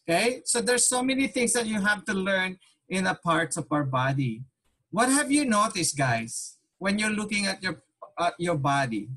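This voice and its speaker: A man's voice: sits high, animated, normal speed, a bit bright. A man teaching an online Tagalog class, patiently repeating questions and mixing Tagalog with English.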